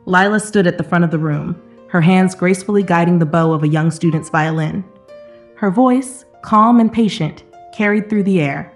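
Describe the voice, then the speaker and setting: A woman narrating a scripted dramatic story in a slow, even, dramatic manner. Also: fairly low pitch. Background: soft background music.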